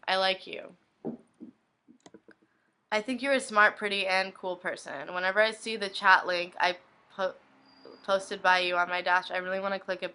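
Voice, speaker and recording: A woman's voice: lowish voice, sharp tone, clear, resonant tone. A young woman blogger reading inbox messages aloud one after another, in a plain reading manner. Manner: reads each message in turn, plainly.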